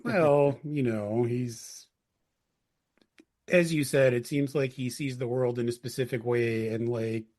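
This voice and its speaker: A man's voice: mid-range voice, fairly even intonation, slow pace, darkish tone. A man co-hosting a podcast, talking casually and thinking aloud with hedges. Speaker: podcast co-host.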